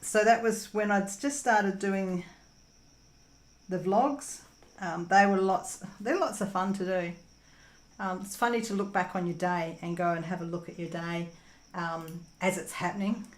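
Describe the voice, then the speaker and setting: A woman's voice: on the low side, steady tone, unhurried, echoey room. A young Australian woman casually chatting through viewer comments while crafting at home, rambling with lots of ums and laughs. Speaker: crafting channel host. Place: home room while diamond painting.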